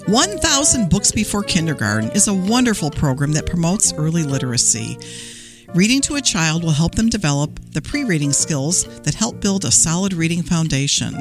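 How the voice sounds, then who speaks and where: A woman children's librarian reading a fairy tale aloud in an expressive, animated way. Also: fairly low pitch, moderate pace, over music. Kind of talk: storytime read-aloud.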